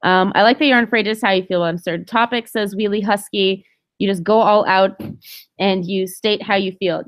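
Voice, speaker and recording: A woman's voice: mid-range voice, fairly even intonation, fairly quick. A woman hosting a livestream, reading chat comments and speaking bluntly and candidly. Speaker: livestream host.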